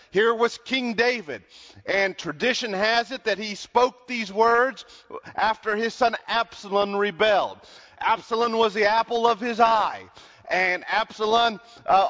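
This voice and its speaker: A man preaching a sermon in earnest, slowing down to stress his points, in a large hall. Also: high-pitched, a bit bright. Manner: earnest, slows down to stress lines. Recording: dull sound with long hall reverb.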